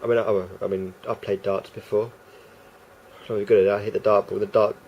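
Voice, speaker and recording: A man's voice: lowish voice, level tone, brisk, highs cut off, slight background noise. A man rambling through a casual vlog monologue, hesitant and full of restarts and fillers. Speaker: vlogger.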